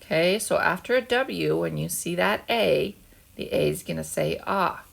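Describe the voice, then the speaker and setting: At home rather than in the classroom, a woman with a lowish, vocal-fry voice patiently walks second graders through phonics. She speaks slowly and has them say each word back to her.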